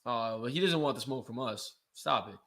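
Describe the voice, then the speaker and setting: A young man co-hosting a casual sports podcast, excitable and quick to trash-talk, on a computer mic. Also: mid-range voice. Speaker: podcast co-host.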